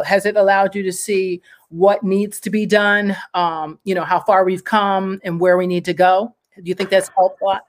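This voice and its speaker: A host in casual conversation, upbeat and encouraging, who breaks into motivational asides. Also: medium pitch.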